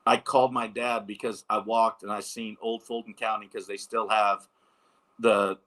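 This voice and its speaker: Bright-voiced man in his thirties telling stories. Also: on the low side, moderate pace. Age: 30s. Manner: animated anecdotes, many fillers. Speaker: former pro baseball pitcher, guest. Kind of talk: casual storytelling interview.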